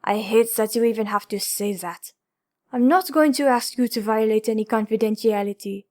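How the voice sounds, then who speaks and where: A woman's voice: on the high side, normal speed, a little mellow, lightly acted. A woman reading the part of a grave male hero leader, speaking in an earnest, apologetic and insistent way in an audiobook. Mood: earnest pleading.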